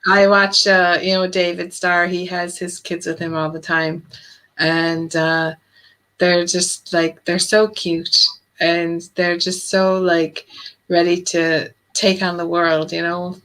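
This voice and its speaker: Woman in her 40s, chatty host on a video call, low-leaning voice, quick to laugh. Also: flat delivery, fairly bright tone, poor audio. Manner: chatty, laughs often, tells stories. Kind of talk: casual chat.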